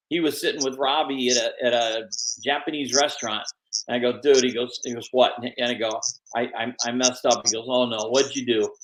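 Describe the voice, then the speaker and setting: An older man, a guest on an interview podcast, telling animated stories and acting out the people he quotes. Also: medium pitch, low-quality recording. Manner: animated anecdotes, acts out quoted voices. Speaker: guest, MMA promoter and manager. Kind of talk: storytelling interview.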